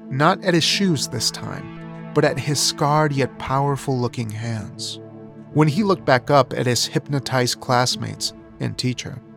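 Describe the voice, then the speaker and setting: An older man, a teacher, reading his own personal story aloud in an earnest, reflective way. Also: mid-range voice. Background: background music.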